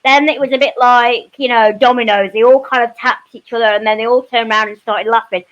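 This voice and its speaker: A woman's voice: fairly high pitch, a little fast, lo-fi sound. Chatty woman telling stories. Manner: animated storytelling, frequent "you know" asides. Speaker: panel guest. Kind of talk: casual panel chat.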